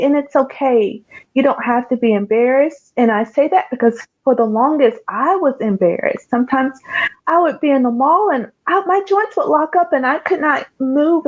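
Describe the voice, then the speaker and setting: Woman, conference guest coach, emotional and encouraging, slightly high voice, dull lo-fi call audio. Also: normal speed. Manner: emotional, tearful, encouraging, laughs often. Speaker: guest speaker, creative coach. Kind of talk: heartfelt conference talk.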